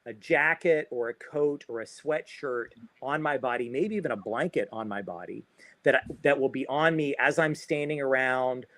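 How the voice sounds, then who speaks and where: A man's voice: medium pitch, normal speed, fairly bright tone, no room sound. A man coaching runners on a livestream, upbeat and chatty, often adding "right?" to his points. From Florida. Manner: upbeat, chatty, repeats himself with many "right?" tags. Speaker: running coach. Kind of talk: livestream guest advice.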